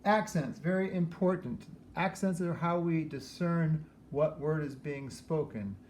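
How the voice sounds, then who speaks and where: A man teaching piano, explaining practice methods for scales in a relaxed way while he demonstrates. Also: on the high side, unhurried, slight background noise. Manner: relaxed, explains while playing and counting aloud. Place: room with a piano. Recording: echoey room with piano playing.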